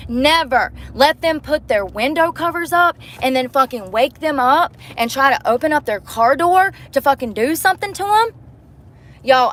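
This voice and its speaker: In a high-pitched, somewhat bright voice, a woman vlogger unleashes an angry, blunt rant to the camera from inside her car at night. She swears often, and a faint hiss or hum runs underneath.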